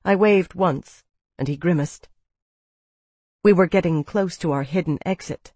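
A woman narrating a novel in a measured, even storytelling manner, close to the mic. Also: fairly low pitch, husky, no echo. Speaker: audiobook narrator. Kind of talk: scripted narration.

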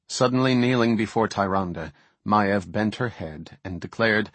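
A man with a lowish voice narrates an audiobook in an even, measured storytelling manner. The recording is dry.

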